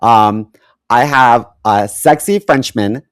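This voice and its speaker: A man's voice: mid-range voice, takes it slowly, dry recording, clean studio sound. A man co-hosting a podcast in casual chat, hesitant with many ums and wry asides. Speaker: podcast co-host.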